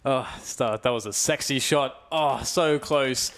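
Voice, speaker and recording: A man with a British accent calling live esports play-by-play, talking fast and rising to excited shouts on big plays. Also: mid-range voice. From United Kingdom. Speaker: esports caster. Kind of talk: play-by-play commentary. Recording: clear background noise.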